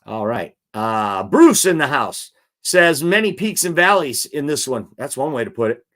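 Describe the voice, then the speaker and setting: A man's voice: mid-range voice, very animated, normal speed, fairly bright tone. A man hosting a live-stream football show, chatting and reading out viewer comments.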